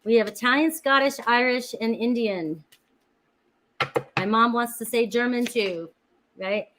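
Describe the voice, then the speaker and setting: A woman's voice: fairly high pitch, measured pace, background noise. A woman chatting casually with viewers while giving a tarot reading, calling out each sign and greeting people by name. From Florida, USA. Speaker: tarot reader.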